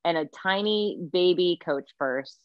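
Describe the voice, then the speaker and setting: A woman's voice: fairly low pitch, unhurried, no echo. A woman co-hosting a podcast in casual chat, reacting to stories with disbelief and laughter. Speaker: podcast co-host. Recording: dull dry lo-fi sound.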